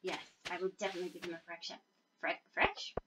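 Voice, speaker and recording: A woman's voice: on the low side, fast, bright, forceful tone, slight background noise, poor audio. A young Australian woman chatting playfully and jokily while playing a farming game with a friend. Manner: playful, giggly, jokey. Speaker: gaming co-host. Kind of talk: casual gameplay chat.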